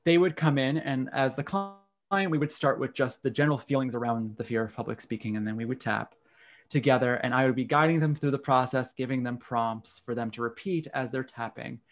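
Calm, measured male podcast guest. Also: medium pitch. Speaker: podcast guest, tapping practitioner. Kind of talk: explanatory interview talk.

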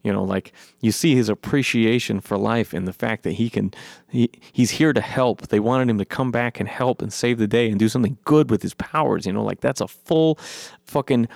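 A man excitedly recapping a film in a rambling, profane way, his voice worn from long talking. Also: medium pitch, normal speed, gravelly, no room sound, studio quality. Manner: enthusiastic, profane, rambling with many fillers. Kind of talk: excited movie recap monologue.

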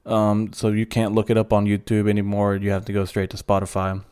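A man's voice: on the low side, completely flat delivery, a little fast, a little mellow, clean tone. A man hosting a casual solo podcast, rambling and swearing freely with lots of fillers. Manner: profane, rambling, frequent fillers. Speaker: podcast host.

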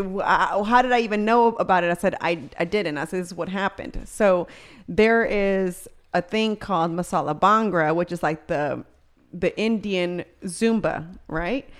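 Woman on a podcast, telling stories fast and excited, acts out what people said. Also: mid-range voice. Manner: animated storyteller, quick bursts of quoted dialogue. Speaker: podcast co-host. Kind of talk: casual chat.

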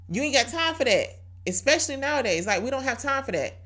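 A woman's voice: high-pitched, sing-song, fast talker, few pauses, fairly bright tone. A woman hosting a devotional podcast, exhorting listeners in a conversational, preachy way, with rhetorical questions and repeated key phrases. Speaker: podcast host.

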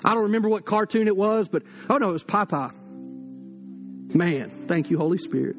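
A man's voice: sits high, animated, brisk, faint music behind. A man preaching a sermon as pastor, fiery and direct, talking to the congregation as if across a table.

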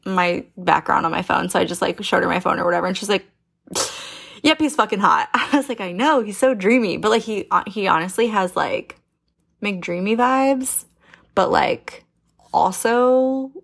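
A woman's voice: mid-range voice, moderate pace, vocal fry, fairly bright tone. A woman in her twenties hosting her own podcast in casual chat, candid and swearing freely, with lots of "like" fillers. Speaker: podcast host.

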